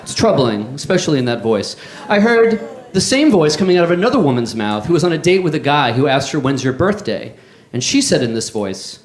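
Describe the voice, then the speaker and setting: A man, doing a deadpan stand-up comedy set on a club stage into a handheld mic. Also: fairly high pitch, quick pace. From New York. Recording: echoey club with crowd. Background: audience laughter.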